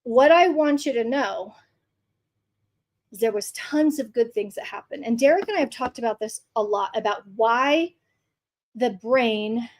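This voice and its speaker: A woman's voice: on the high side, unhurried. A woman hosting a podcast, giving a fired-up, blunt and profane monologue with lots of emphasis. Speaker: podcast host.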